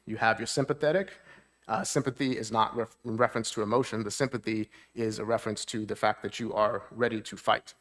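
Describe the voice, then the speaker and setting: A man's voice: medium pitch, fairly bright tone. Man teaching a church seminar on trauma. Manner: explains plainly, checks in with the audience; voice lifts to act out moods. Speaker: therapist. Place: church hall with audience.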